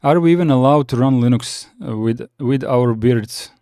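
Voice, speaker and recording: A man's voice: medium pitch, normal speed, dark tone, smooth, dry recording, studio quality. A man from the Balkans hosting a casual live chat, reading viewer comments and answering with many restarts and fillers. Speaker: livestream host reading chat.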